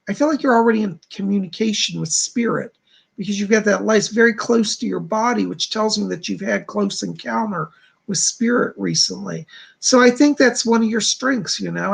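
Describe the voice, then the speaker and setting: A man doing psychic readings on a live stream in a soft, reassuring manner, reading out viewer messages and answering each one. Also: sits high, gravelly, breathy edge. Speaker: psychic medium.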